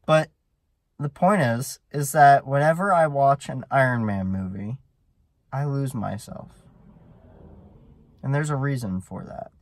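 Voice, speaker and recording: A man's voice: medium pitch, unhurried, long pauses, dry recording. A man hosting a solo podcast, talking in an earnest, rambling monologue full of restarts and fillers. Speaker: podcast host.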